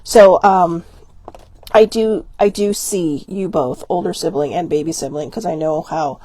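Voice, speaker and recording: A woman's voice: lowish voice, measured pace, dark tone. A woman giving a casual oracle card reading, rambling and emotional, teary-eyed with watering eyes, often laughing and stopping herself mid-sentence. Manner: rambling, emotional, self-interrupting with laughs and ums.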